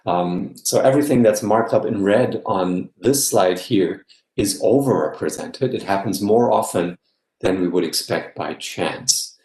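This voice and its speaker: Low-voiced man giving an academic lecture. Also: a little slow, darkish tone, reverberant. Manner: explanatory, checks in with frequent "yeah?". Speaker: guest lecturer.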